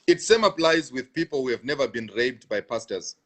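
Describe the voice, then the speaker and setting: A man's voice: medium pitch, expressive, a little fast. A man preaching on a live stream who answers viewers, repeats his lines for emphasis and restarts often. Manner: repetitive, emphatic, stammering restarts.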